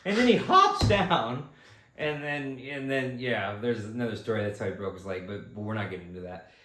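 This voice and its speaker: A young man co-hosting a podcast, telling stories casually and animatedly, shooting his voice up when acting out shouts. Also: normal speed. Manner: animated storyteller, jumps high when imitating shouts. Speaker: podcast co-host. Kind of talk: casual chat. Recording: echoey room with faint background noise.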